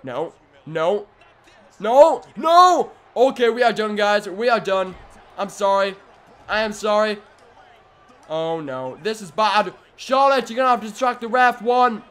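A man giving excitable let's-play commentary over a wrestling video game, swinging between groans and shouts and repeating his lines. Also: sits high, moderate pace, clean tone. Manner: swears casually and repeats phrases. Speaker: gaming video host.

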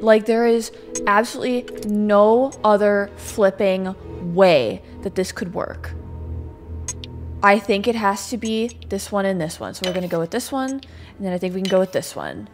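A woman streamer excitably talking to herself while playing a game, swearing and reacting loudly. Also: mid-range voice, measured pace, soft background music. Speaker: gameplay streamer. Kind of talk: let's play commentary.

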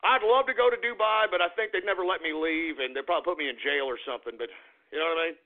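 A man's voice: fairly high pitch, fast. A man hosting a live radio show, talking casually and profanely and breaking into combative outbursts. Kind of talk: live call-in radio rant. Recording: phone-like lo-fi radio stream.

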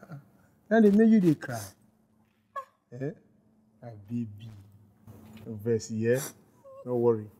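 A man's voice: mid-range voice, sing-song, a little slow, pauses often, dark tone, slight background noise. A man playing a pleading okada rider husband in a comedy skit, speaking with a Nigerian Pidgin accent in a coaxing tone.

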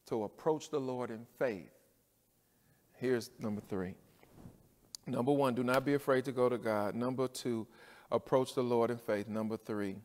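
A pastor preaching a sermon with a rhythmic cadence, dropping to near-quiet and rising to shouts. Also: male voice, medium pitch, moderate pace, pauses often, big-room sound.

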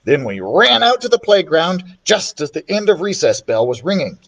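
A man reading a children's chapter book aloud, with an expressive, animated storytelling manner. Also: a little high, moderate pace, vocal fry. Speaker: children's librarian reader.

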